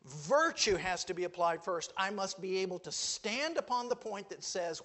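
A man preaching a sermon, quoting scripture with emphatic swings between loud declarations and hushed lines. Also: sits high, lively intonation, moderate pace, hardly any pauses.

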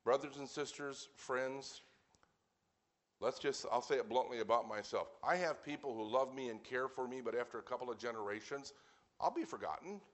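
A man's voice: mid-range voice, fairly bright tone. Earnest man preaching a sermon. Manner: earnest, plain-spoken, with wry asides and slow, weighty scripture reading. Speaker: pastor. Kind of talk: evening sermon.

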